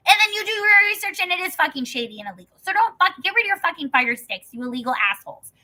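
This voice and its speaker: A woman talking casually and profanely, swinging from heated rants into slower scripture reading. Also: very high-pitched, big pitch swings, bright, forceful tone, low-quality recording. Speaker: host reading scripture with commentary. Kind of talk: casual ranting commentary and Bible reading.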